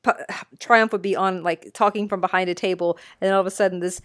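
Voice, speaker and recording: Lowish-voiced woman chatting casually. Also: steady tone, fast talker, fairly bright tone, dry recording, studio quality. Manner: swears freely, laughs often. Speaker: podcast co-host. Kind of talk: casual chat.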